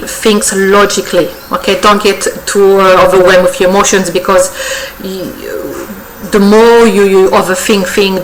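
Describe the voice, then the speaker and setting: A woman gives a weekly tarot reading straight to her viewers, speaking at a middle pitch. She is effusive and coaxing, repeats her words, and keeps checking in with "okay?". Faint birdsong sits behind her voice. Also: a little hiss or hum, rough recording. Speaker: tarot reader.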